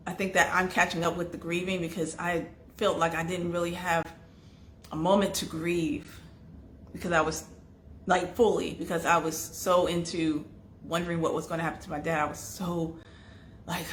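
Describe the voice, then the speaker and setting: A woman host talking candidly and emotionally about grief, her voice wavering between soft and loud. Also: on the low side, little pitch movement, moderate pace, reverberant, a little hiss or hum. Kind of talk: candid personal talk on grief.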